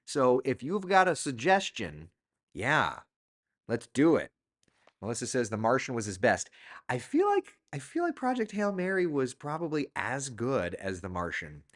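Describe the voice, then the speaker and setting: A man's voice: medium pitch, a bit bright. A middle-aged man hosting a casual live chat, reading out viewer comments and talking loosely about books. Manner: chatty, reads viewer comments aloud. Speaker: host.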